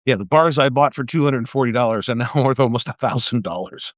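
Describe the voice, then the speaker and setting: A mid-range older male voice, a little fast, carries an angry political rant over a livestream. Crude and mocking, he stammers and starts over when worked up. The audio is dull, dry, and lo-fi, with no room sound.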